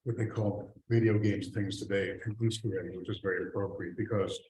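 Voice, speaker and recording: Male Sunday school teacher, lowish voice, casual lecturing, roomy echoey church room with light hiss. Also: fairly even intonation, a little fast, darkish tone. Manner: conversational, reads scripture aloud, trails off and restarts. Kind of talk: teaching a Bible class. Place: church classroom.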